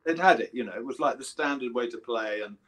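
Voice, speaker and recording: Speaking fast in a somewhat bright, mid-range voice, a man from England in his seventies appears as a guest musician. He chats informally, his anecdotes rambling and frequently restarted.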